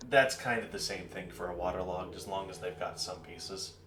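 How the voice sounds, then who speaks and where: Brief: young male GM, lowish pitch, bright tone, loose casual delivery. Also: steady tone, normal speed, a little hiss or hum. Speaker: game master. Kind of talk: narrating a tabletop game.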